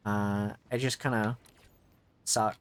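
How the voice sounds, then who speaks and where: A man's voice: on the low side, fairly even intonation, slow pace, clean tone. A man streaming a video game, giving casual running commentary that rambles and often restarts mid-thought to correct himself.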